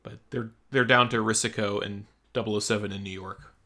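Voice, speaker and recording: A man's voice: lowish voice, fairly even intonation, fairly quick, sharp tone. A man co-hosting a podcast, chatting casually about a movie and laughing often. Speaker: podcast co-host. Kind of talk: casual movie review chat.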